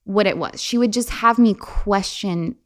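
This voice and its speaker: Unhurried and mid-range in voice, a young woman shares a personal story as a podcast guest. Expect a chatty style with lots of laughter, restarts and "like" fillers.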